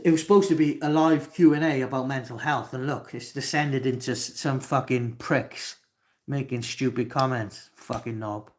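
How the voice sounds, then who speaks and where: Welsh guy in his 20s doing a live stream, reads chat out loud, snaps and swears at trolls. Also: medium pitch, fairly even intonation, moderate pace. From Wales. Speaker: livestream host.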